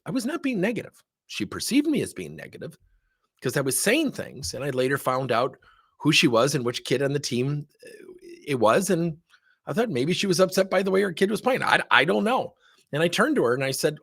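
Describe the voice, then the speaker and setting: A middle-aged man gives a leadership talk in a slightly husky voice. His pitch swings widely as he tells his stories. He keeps throwing rhetorical questions at the listener. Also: brisk. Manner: animated storytelling, rhetorical questions. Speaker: leadership speaker. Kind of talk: motivational talk with anecdotes.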